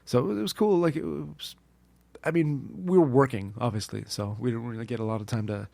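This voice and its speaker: A man's voice: medium pitch, a little fast, creaky, warm tone, no echo. A man chatting casually as a guest on a podcast, rambling through his thoughts with constant fillers and restarts. His voice sits in a middle register and sounds dry and close, with almost no room around it. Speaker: podcast guest, music producer. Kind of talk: casual chat.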